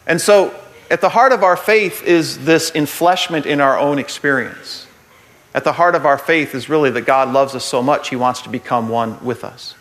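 A man giving a humorous Catholic talk to a group, an animated storyteller who uses jokey asides and builds to earnest points. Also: fairly high pitch, normal speed.

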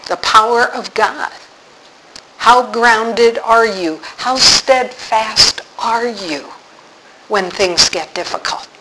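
A woman giving a faith talk, telling a personal story in a slow, reflective way. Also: a little high, sharp tone, a little hiss or hum, low-quality recording.

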